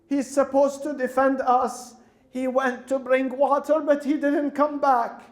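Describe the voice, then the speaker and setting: A man's voice: little pitch movement, unhurried, echoey room. A frightened little girl pleads in a raised, strained voice, as a male preacher puts her on. The voice sits well above the storyteller's own. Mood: pleading. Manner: pleading, voice pushed up high.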